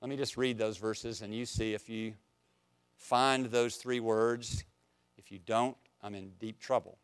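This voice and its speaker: A man's voice: medium pitch, moderate pace, fairly bright tone, clean tone. A young man teaching a Bible class, emphatic and repeating phrases for stress, with light jokes to his students. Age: young adult.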